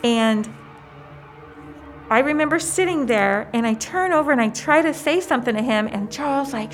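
A woman's voice: fairly high pitch, animated, normal speed, soft background music. A woman being interviewed, recounting events casually and acting out what was said. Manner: exclaiming, acts out quotes. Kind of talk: casual storytelling.

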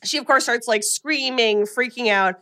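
Chatty woman podcast host, animated. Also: on the high side, normal speed, clear, resonant tone. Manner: chatty, animated, many fillers. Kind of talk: casual chat recapping a film.

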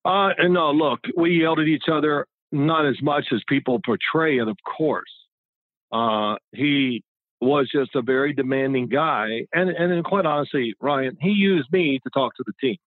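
A former quarterback in his sixties chats as a guest in a laid-back interview, his voice a bit high and his pace normal. He tells meandering stories, frequently restarting, on a dry, tinny phone-like line with no echo.

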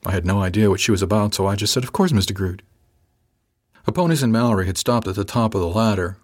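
Low-voiced man narrating an audiobook. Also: rapid-fire. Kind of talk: first-person audiobook narration.

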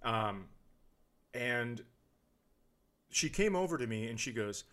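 A man in his forties co-hosting a comedy podcast, telling a story in a wry, relaxed manner. His voice sits at an ordinary middle pitch, with plain delivery. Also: normal speed, long pauses. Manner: wry, easygoing, laughs along. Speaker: podcast co-host. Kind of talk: casual comedic chat.

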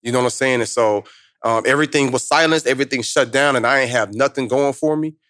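A man tells his story fast and emphatically, packing it with street slang. He sounds close and dry, with almost no room around him. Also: mid-range voice, fairly bright tone, dry recording. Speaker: guest, motivational speaker. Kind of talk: casual storytelling in conversation.

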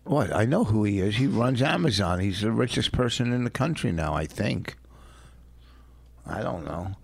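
A man co-hosting a casual talk show with a low, gravelly voice. He badgers his partner with repeated questions in a blustery way. The recording is close and dry. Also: expressive, moderate pace, no echo. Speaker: podcast co-host. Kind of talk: casual chat.

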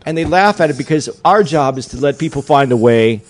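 Comedian guy telling a joke story, swears a lot, mid-pitched, laid back. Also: fairly quick. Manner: storytelling, profane, animated retelling of a joke. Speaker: stand-up comedian. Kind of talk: casual podcast chat.

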